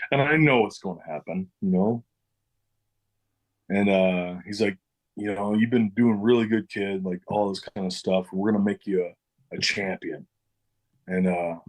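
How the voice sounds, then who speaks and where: A man's voice: sits low, a little slow, long pauses, darkish tone, low-quality recording. A middle-aged man, a former pro wrestler, telling stories in a casual interview, swearing freely and acting out what people said. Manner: loose, swearing, acts out quoted dialogue.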